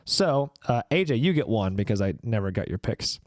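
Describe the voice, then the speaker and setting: A man moderating a casual podcast game, running the rules briskly. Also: lowish voice, sing-song, a little mellow, no room sound, clean studio sound.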